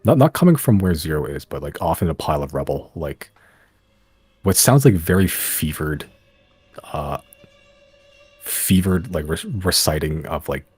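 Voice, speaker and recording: A man narrating a tabletop game as game master, describing scenes in a halting way with many fillers. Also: very deep voice, expressive, darkish tone, breathy edge, dry recording, soft background music.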